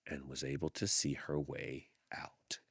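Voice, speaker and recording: A man hosting a podcast, reading a picture book aloud with expressive storytelling and thoughtful hums. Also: a bass voice, a little slow, vocal fry, slightly rough, dry recording, studio quality. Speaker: podcast host.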